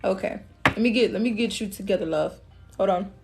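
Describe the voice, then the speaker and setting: A woman's voice: medium pitch, fairly quick, faint music behind. A woman giving a casual live-stream tarot reading, chatty and laughing often, calling listeners love and queen. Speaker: tarot reader.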